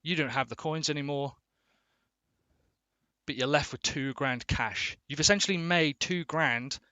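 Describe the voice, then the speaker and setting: A man explains a topic off the cuff, informal and a little sweary, checking in with his listeners as he goes. His voice is bright and forward, recorded close and dry with no room sound. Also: on the high side, unhurried, no room sound, muffled recording. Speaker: explainer video host. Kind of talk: casual explainer.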